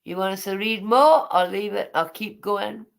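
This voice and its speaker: A woman's voice: medium pitch, moderate pace, gravelly. A woman, casually reading her memoir aloud and breaking off for chatty, teasing asides.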